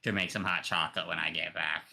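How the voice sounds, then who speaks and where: A man's voice: low voice, flat delivery, fast talker, vocal fry, sharp tone. A man playing a tabletop game, chatting playfully in character. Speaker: player. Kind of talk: casual in-character role-play.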